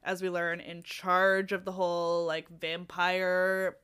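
A woman co-hosting a podcast in casual chat, talking in an animated way with frequent laughter. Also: lowish voice, slow, clean tone. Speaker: podcast co-host.

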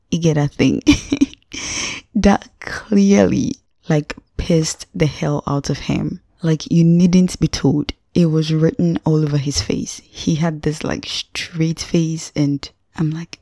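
Young woman podcaster, low mellow voice, dry close sound, chatty and slangy. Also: steady tone, takes it slowly, creaky, no room sound. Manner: chatty and slangy, addresses listener directly. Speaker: podcast host, film reviewer. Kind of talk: casual spoken movie review.

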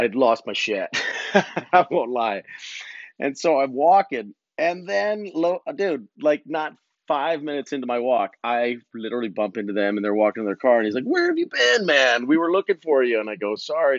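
A man's voice: mid-range voice, no echo. Man, casual rambling monologue, slangy and loose, muffled dry lo-fi audio. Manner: rambling, slangy, laughs between phrases. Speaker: podcast host. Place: home property, outdoors break. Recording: dull, dry lo-fi recording.

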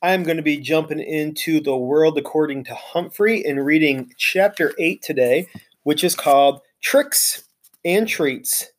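A male teacher reading a children's chapter book aloud, narrating in an expressive, storytelling way. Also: on the high side, a little slow.

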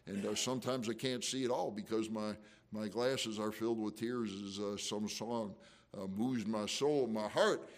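A man's voice: fairly low pitch, fairly even intonation, normal speed. A man preaching a sermon as pastor, conversational and fervent, with emotional surges, frequent restarts and folksy asides.

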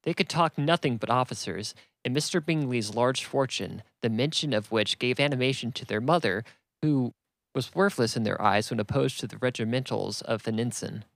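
A man's voice: medium pitch, normal speed, dry recording. A man reading a classic novel aloud as a plain audiobook narration, voicing the characters only lightly. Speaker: reader.

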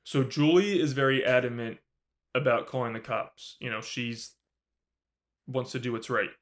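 A man co-hosting a podcast, recapping a horror film in casual, animated talk, swearing often and acting out the characters' lines. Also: mid-range voice, moderate pace. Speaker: podcast co-host. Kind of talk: casual movie review recap.

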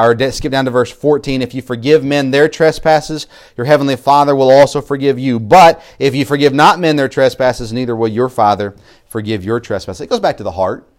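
A man preaching a sermon as pastor, talking in a loose, conversational way with asides, restarts and small laughs. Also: mid-range voice. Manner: conversational, self-interrupting, laughs at own asides.

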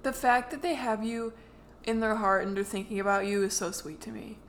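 A woman co-hosting a podcast, chatting casually and reading the show intro in a relaxed, friendly way. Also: medium pitch, fairly quick. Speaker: podcast co-host.

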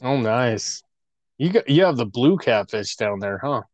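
A man's voice: mid-range voice, lively intonation, measured pace, darkish tone, dry recording. A man co-hosting a casual podcast, playful and joking. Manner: playful, joking, laughs often. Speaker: podcast co-host. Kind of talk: casual chat.

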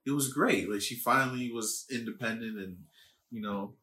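A man talking in a casual podcast chat, animated, laughing often and swearing. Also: mid-range voice, normal speed. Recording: echoey room.

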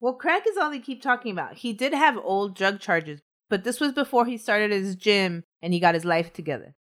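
A woman's voice: mid-range voice, lively intonation, a little fast, a bit bright. A woman co-hosting a podcast, telling a true-crime story in casual chat and trading jokes along the way. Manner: recounts the case, breaks off to joke with co-hosts. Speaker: podcast co-host, case narrator.

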